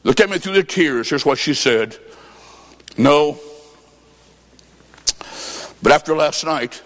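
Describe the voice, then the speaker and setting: A man preaching at a revival, telling a story and acting out voices, with bursts of shouting. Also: on the high side, expressive, slow, pauses often, big-room sound. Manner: dramatic, acts out quotes, shouts praise. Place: church revival service.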